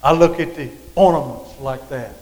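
A man's voice: mid-range voice, moderate pace, darkish tone. A man preaching a rambling sermon, his voice swelling and dropping as he repeats himself. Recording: reverberant hall.

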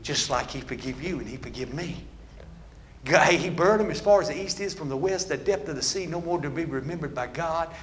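A man preaching a sermon with call-and-response that builds into shouting. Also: on the high side, expressive, fairly quick.

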